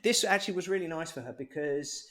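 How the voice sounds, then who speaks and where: A man's voice: fairly high pitch, quick pace, a bit bright. A man co-hosting a podcast, telling a story in a chatty, jokey way. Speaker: podcast co-host. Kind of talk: casual podcast chat.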